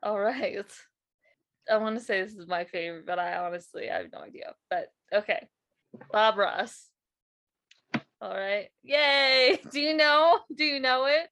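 A woman with a higher voice co-hosts a casual podcast, playful and quick to laugh as she reads goofy scripts. Her voice is recorded close and dry. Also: fairly bright tone, no echo. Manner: laughing, playful, apologetic asides. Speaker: podcast co-host. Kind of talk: casual chat, reading comedy scripts aloud.

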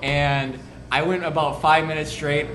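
A man's voice: a little high, steady tone, a little slow. A man telling a story in loose, casual podcast chat. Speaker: podcast co-host. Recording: echoey room with faint noise.

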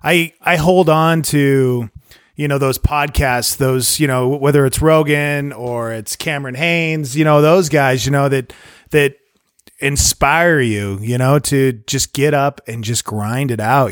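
A man in his forties co-hosting a podcast in casual chat, earnest and halting, with many "you know"s. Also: mid-range voice, no room sound, studio quality. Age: 40s. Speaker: podcast co-host. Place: basement studio.

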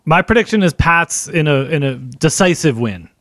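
A man with a slightly high, animated voice, tripping over his words and laughing as he jokes around on a podcast panel. His tone is loose and playful. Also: moderate pace, dry recording, clean studio sound. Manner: goofy, stumbling, laughs a lot. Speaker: podcast debater. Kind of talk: casual podcast banter.

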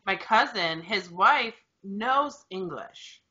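A woman chatting casually and telling relaxed anecdotes as a co-host. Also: medium pitch, takes it slowly, muffled recording. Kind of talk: casual chat.

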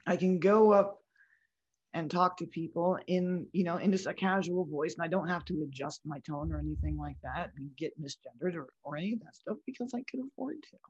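A woman with a breathy, weak voice, talking frankly as a guest in a casual interview. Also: fairly low pitch, brisk, darkish tone, muffled recording. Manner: frank, talks in restarts and lists. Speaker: comedian guest.

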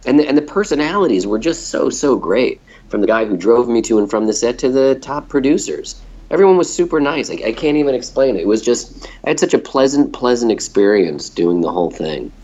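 Animated American man on dull audio. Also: mid-range voice, a little fast. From United States. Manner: animated, laughing, repeats words when starting sentences. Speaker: actor being interviewed. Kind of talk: casual interview chat.

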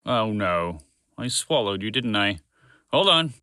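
A man's voice: lowish voice, big pitch swings, a little slow, pushed and bright, clear, resonant tone, dry recording, pitched below the performer's own voice, full character voice. A man voicing a proud, careful orange male dragon in a children's story, earnest and bossy when alarmed.

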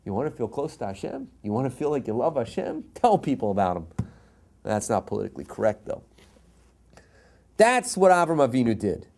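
Animated man giving an emphatic Torah lecture. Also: medium pitch, brisk. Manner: emphatic, repeats key phrases, mixes in Hebrew quotes; passionate and jokey. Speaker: rabbi teaching a class. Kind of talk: Torah lecture to a live audience.

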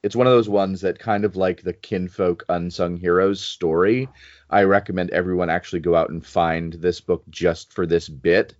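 Deep-voiced man, dry close sound. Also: steady tone, normal speed, darkish tone, no echo. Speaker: podcast co-host reviewing a game book. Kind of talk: casual chat. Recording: dry, slightly muffled audio.

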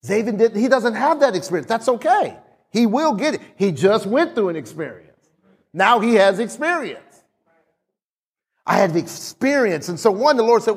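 A preacher man with a high, gravelly and husky voice, telling a story from the pulpit. He acts out the dialogue, swinging between lively lines and sudden soft, low passages. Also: normal speed. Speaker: pastor. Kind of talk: sermon storytelling.

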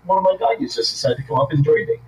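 A man hosting a casual interview, playful and quick to laugh. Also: a little high, echoey room, far from the mic, a little hiss or hum, rough recording. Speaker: podcast host.

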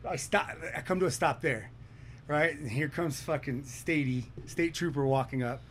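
A man's voice: a little high, normal speed, a little hiss or hum. A young man telling a rowdy story to friends in casual chat, swearing often. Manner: profane, animated, swears a lot. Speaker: podcast storyteller.

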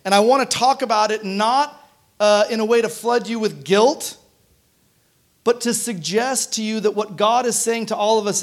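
A man's voice: high-pitched, normal speed. A man preaching a sermon as pastor, conversational, often checking in with the congregation. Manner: conversational, frequent tag questions.

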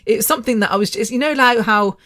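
A woman's voice: a little high, fast, bright, forceful tone. A middle-aged British woman hosting her podcast, telling a personal story in a rambling, chatty way and laughing often. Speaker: podcast host. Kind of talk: casual personal monologue.

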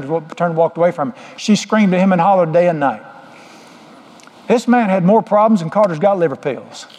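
A man's voice: high-pitched, darkish tone. A middle-aged man preaching a sermon, folksy and joking as he tells stories. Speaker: pastor. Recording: long hall reverb.

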